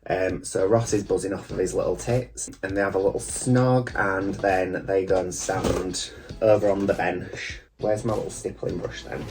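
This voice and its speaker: A man's voice: low-pitched, steady tone, normal speed, a little mellow, soft background music. A man, a drag queen, chatting casually and campily with rambling asides as he reviews a TV show while getting ready at a mirror. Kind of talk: casual reaction chat.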